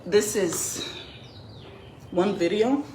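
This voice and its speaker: A woman's voice: medium pitch, very slow, warm tone, slight background noise. A young woman speaks in a middling voice, close to tears yet defiant as she gives her account in a casual online video. The room has an echoey sound, with faint ambience behind her. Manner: emotional, defiant. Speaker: woman telling her side of a breakup. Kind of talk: casual social media video.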